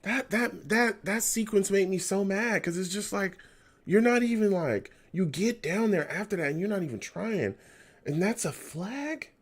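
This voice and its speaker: A man hosts a live fan stream and reacts to a football game as it plays out. He vents his frustration and reads chat messages aloud. His pitch is very animated, and his level swings from low muttering to loud ranting. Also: moderate pace, slightly rough. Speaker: fan livestream host.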